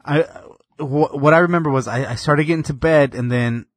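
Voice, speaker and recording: A man in his thirties co-hosting a podcast, telling stories in a laid-back way with many fillers, often drifting quiet. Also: on the high side, fairly quick, no room sound. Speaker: podcast co-host. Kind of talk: casual chat.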